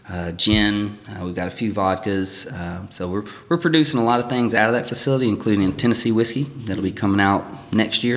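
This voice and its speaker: A man who is a distillery representative, talking casually as a guest and explaining at length with many fillers. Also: on the low side. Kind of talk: casual podcast chat.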